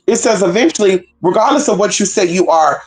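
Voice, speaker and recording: A spiritual teacher preaching on a stream, full of cursing and shouted call-outs, who slows down to read scripture aloud. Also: animated. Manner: call-and-response exclamations, heavy cursing, swoops between high cries and low asides; reads scripture slowly and drawn out. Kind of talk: freewheeling profane preaching.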